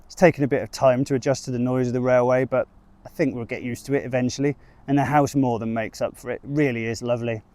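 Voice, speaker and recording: A man's voice: medium pitch, steady tone, fast talker, a little mellow, dry recording, close to an everyday voice. A man voicing a polite, hesitant woman new to a village, speaking in a raised, careful voice. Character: polite, hesitant young-ish newcomer woman.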